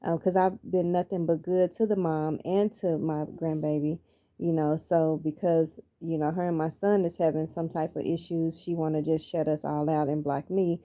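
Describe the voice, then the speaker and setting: A woman's voice: deep voice, flat delivery, normal speed, mellow. A middle-aged woman, telling her life story in an earnest, preacherly way and repeating phrases for emphasis. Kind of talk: personal motivational monologue.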